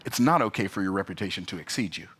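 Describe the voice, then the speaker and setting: Animated, bright-voiced man ranting. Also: fast talker, husky. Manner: animated, emphatic storytelling with pitch jumps. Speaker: business vlogger. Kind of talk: opinionated talking-head rant.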